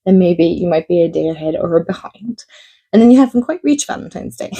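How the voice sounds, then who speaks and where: Gravelly-voiced woman, soft and chatty. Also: lowish voice, lively intonation, normal speed, poor audio. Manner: gentle, soothing, chatty, with laughs. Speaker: tarot and oracle deck reviewer. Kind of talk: casual chat to camera.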